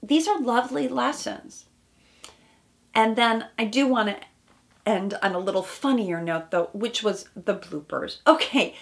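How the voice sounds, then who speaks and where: A woman therapist giving casual, animated commentary on a reality dating show, often acting out quotes. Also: on the high side, unhurried. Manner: animated, warm analytical commentary with quoted asides.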